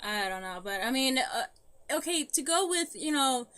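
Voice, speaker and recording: A woman co-hosting a paranormal podcast, chatting casually, giggling and halting with restarts. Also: high-pitched, lively intonation, a bit bright. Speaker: podcast co-host. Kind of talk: casual chat.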